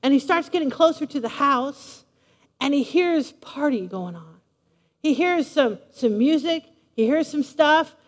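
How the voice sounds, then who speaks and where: A woman preacher giving a lively, playful sermon, speaking straight to her congregation in a large church hall. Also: high voice, unhurried. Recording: long reverb of a large hall.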